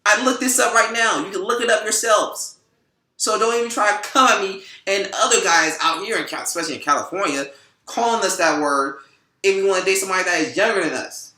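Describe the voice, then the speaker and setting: Young male vlogger, rambling rant with restarts, bright voice, roomy sound. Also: high voice, fairly quick. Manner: rambling, repeats words and restarts. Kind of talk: storytime rant to camera.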